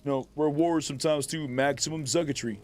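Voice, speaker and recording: A man's voice: on the high side, fairly even intonation, fast talker, soft background music. A man streaming a video game, chatting casually with laid-back, jokey banter. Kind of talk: casual live-stream commentary.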